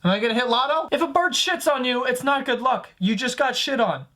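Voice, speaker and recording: A man's voice: extremely high pitch, animated, fairly quick, pushed and bright. A man doing a comedic roast voice-over, profane, sarcastic and mocking. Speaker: comedy commentator.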